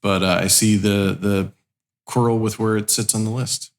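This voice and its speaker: A man's voice: lowish voice, little pitch movement, moderate pace. A man co-hosting a music podcast, giving a rambling, thoughtful opinion. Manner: thoughtful, rambling, many ums. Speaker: podcast co-host. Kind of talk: casual chat.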